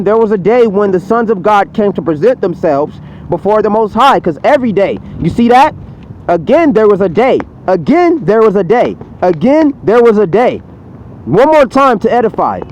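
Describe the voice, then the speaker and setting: A man with a high voice delivers a fiery, repetitive sermon in the open air beside a street. He swears freely and drives each point home by saying it over and over. A faint hum of traffic runs underneath. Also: darkish tone, poor audio. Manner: heated, repetitive, profane preaching. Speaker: street preacher. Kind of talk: impassioned outdoor sermon.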